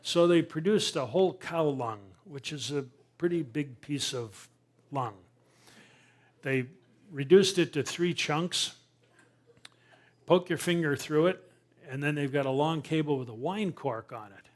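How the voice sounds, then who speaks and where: An older naturalist, speaking at a measured pace in a fairly high voice, tells a funny story to a live audience. He adds lively sound effects and pokes fun at himself in asides.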